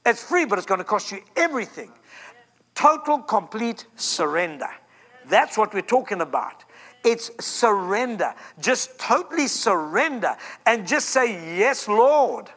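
Man, guest preacher, fervent Pentecostal sermon, very high voice, bright ringing tone, repeats lines for emphasis. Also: very animated, unhurried.

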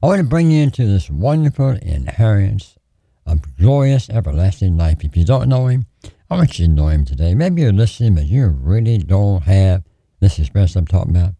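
A male radio preacher with a low, dark, mellow voice that rises and falls a great deal as he prays and preaches. He pleads and repeats phrases in a steady preaching cadence, recorded close and dry in the studio. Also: brisk, slightly rough, no room sound. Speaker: radio preacher taking prayer calls.

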